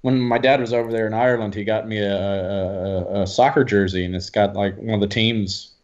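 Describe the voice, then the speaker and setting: A man's voice: fairly low pitch, brisk. A man chatting as a podcast guest over a video call, telling stories animatedly and slipping into little voices. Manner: animated storyteller who slips into voices. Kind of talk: casual chat. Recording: dull lo-fi call audio.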